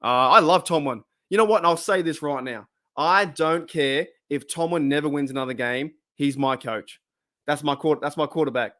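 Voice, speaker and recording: A man's voice: a little high, a bit bright. An Australian man hosting a live sports podcast, fired up and rambling as he reads chat comments aloud. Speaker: podcast host.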